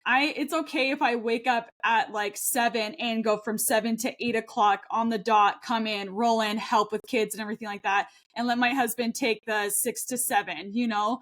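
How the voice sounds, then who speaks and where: A woman in her thirties talks through a podcast chat in a slightly high voice. She rambles earnestly, circling back with fillers and restarts, and speaks from the heart. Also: steady tone, normal speed, hardly any pauses, fairly bright tone. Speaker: podcast co-host. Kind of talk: casual chat.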